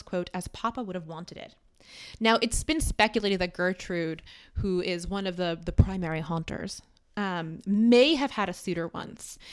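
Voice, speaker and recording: A woman hosting a podcast, telling a history in a chatty, animated way with wry asides. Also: medium pitch, smooth. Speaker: podcast host. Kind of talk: casual storytelling chat.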